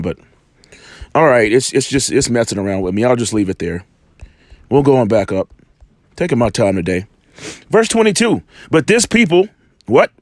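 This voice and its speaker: Coughing through a cold, a man teaches scripture in a loose, rambling way, restarting often and posing rhetorical questions. His voice is a little high, captured at studio quality with no echo.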